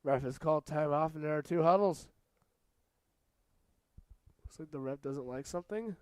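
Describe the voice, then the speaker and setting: A young man calls a school rugby match in a relaxed, joking play-by-play. His voice is smooth and clear and sits a little high, and it is recorded close and dry. He chats between plays and yells out when something big happens. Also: normal speed, dry recording. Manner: jokey, chatty, bursts into shouts at big plays. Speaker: match commentator. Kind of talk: casual play-by-play commentary.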